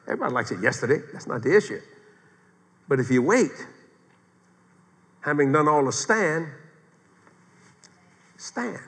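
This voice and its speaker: A man's voice: on the high side, unhurried, long pauses. Older man preaching in a reverberant hall. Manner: folksy, animated preaching with humor and acted quotes. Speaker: pastor. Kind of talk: sermon.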